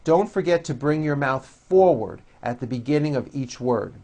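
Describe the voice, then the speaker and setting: A man teaching English pronunciation, modelling drill words with slow, carefully over-articulated speech and explaining the sounds between them. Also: medium pitch, lively intonation, mellow.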